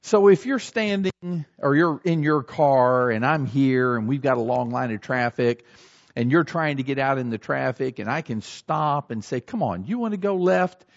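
A man preaching a sermon as a pastor, animated and acting out everyday scenes in shifting voices. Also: mid-range voice, normal speed, creaky, highs cut off.

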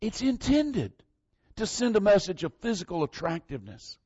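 A man's voice: high voice, sing-song, moderate pace, darkish tone, dry recording, muffled recording. A man from northern Florida with a Southern accent, preaching a folksy, conversational sermon and leaning hard on the scripture verses.

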